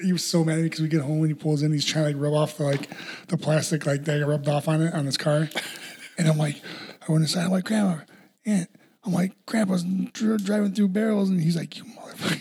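A man chatting and telling stories in an animated, rambling way with lots of fillers. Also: a little high, fast talker, husky. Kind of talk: casual storytelling.

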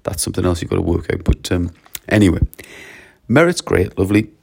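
A man runs a casual solo podcast as a school leader, his voice low with a gravelly edge. He talks in a chatty, anecdotal way and often acts out little exchanges. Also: lively intonation, fairly quick, darkish tone.

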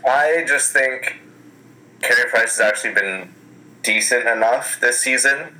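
Bright-voiced blunt casual man. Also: medium pitch, measured pace, rough recording. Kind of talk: casual hockey chat.

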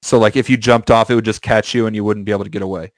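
A man's voice: fairly low pitch, fairly even intonation, rapid-fire, no echo. A young man telling an improvised comic story to friends, rambling, playful and laughing often. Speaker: podcast co-host telling a story. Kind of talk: casual comedic chat, improvised storytelling.

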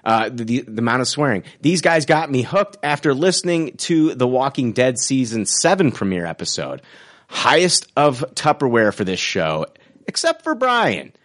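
Animated man reading listener reviews. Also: medium pitch, moderate pace. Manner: animated, laughing, mock-dramatic review reading. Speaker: podcast co-host. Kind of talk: casual podcast chat reading listener reviews.

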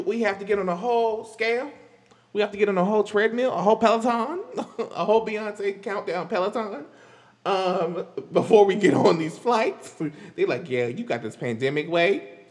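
Vlogger, male, high voice, rambling laugh-filled celebrity commentary, echoing room. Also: normal speed. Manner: rambling, laughing often, stammering restarts. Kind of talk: casual pop-culture commentary.

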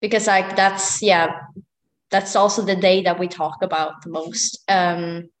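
A woman's voice: on the low side, flat delivery, measured pace. Young woman, hesitant chatter. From Norway. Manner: hesitant, with many fillers and soft laughs. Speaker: guest. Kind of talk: casual conversation.

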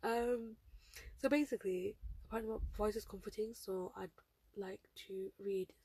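A woman's voice: medium pitch, fairly even intonation, moderate pace, darkish tone, husky. A seventeen-year-old girl hosting her own podcast, chatting casually and rambling with lots of fillers. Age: teens. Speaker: podcast host. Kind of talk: casual solo podcast chat.

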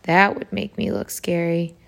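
A woman's voice: on the low side, flat delivery, measured pace, vocal fry. Fretful young male T-Rex, earnest, sulky, storybook dinosaur, a woman giving him voice, close to her everyday tone. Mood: hopeful.

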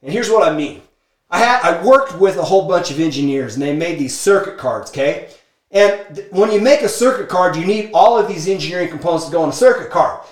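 A man's voice: high-pitched, a little fast. Emphatic storyteller man, echoey room. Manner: animated, emphatic, peppers talk with "like" and "okay?". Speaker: speaker sharing business lessons from a book. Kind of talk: energetic storytelling monologue.

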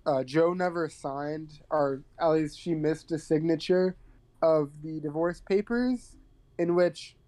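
A man's voice: on the high side, slow pace, dark tone. Hesitant male podcast co-host, filler-heavy. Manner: hesitant, fills with many "like"s and "um"s. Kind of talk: casual film discussion.

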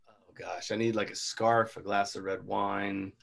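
A man co-hosting a podcast with his sister, joking, swearing and breaking into squeaky impressions. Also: level tone, measured pace, vocal fry, fairly bright tone. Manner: jokey, swearing, jumping between low mumble and squeaky impressions. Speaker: podcast co-host. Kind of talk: casual chat between siblings.

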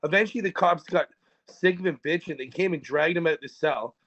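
A man's voice: on the high side, a little fast, fairly bright tone, highs cut off. A man telling rambling, profane stories in a casual podcast chat. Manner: rambling and profane, with frequent restarts. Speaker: podcast co-host.

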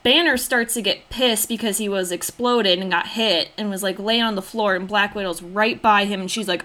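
A young woman with a bright, ringing voice talks loosely and fast. She swears often and acts out lines from the film she is recapping. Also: mid-range voice, steady tone. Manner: swears freely, acts out quotes, laughs often. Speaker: podcast co-host recapping a film. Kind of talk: casual chat.

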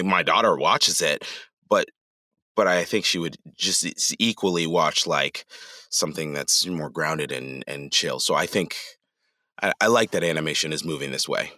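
A man, a voice actor guest, chatting casually on a podcast, animated and laughing often. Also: deep voice, dry recording, studio quality.

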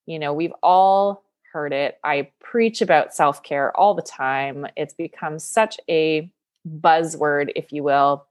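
A woman's voice: low voice, steady tone, takes it slowly. Chatty, upbeat woman podcast host. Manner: upbeat and chatty, laughs between phrases. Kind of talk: casual solo podcast talk.

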